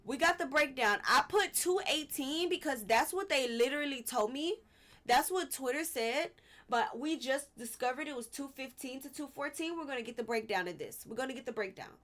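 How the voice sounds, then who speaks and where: A young woman talks through politics on her live stream. She keeps circling back to the same questions and gets fired up as she goes. Her voice sits a little high. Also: animated, a little fast. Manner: gets worked up, repeats questions, fussing then apologizing. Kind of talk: casual political commentary.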